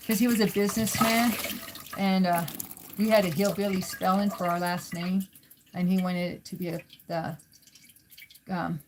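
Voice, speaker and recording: Woman livestreaming, chatty, laughs a lot, reads comments out, mid-pitched voice. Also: noisy background. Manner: laughs often, chatty and lively. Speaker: livestream host. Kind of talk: casual chat reading viewer comments.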